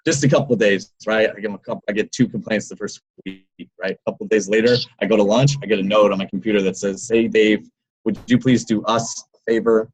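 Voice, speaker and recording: A man's voice: lowish voice, quick pace, few pauses, breathy edge, low-quality recording. A business coach on a video call, a man telling a story with lots of energy and tagging his sentences with "right?" and "okay?". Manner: loud and animated, by his own account. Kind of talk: motivational talk on a video call.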